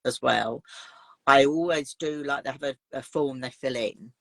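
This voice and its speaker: A woman's voice: very deep voice, unhurried, creaky, fairly bright tone, no echo. A woman, a craft teacher chatting in an interview and explaining her retreats in chatty detail. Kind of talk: casual interview chat.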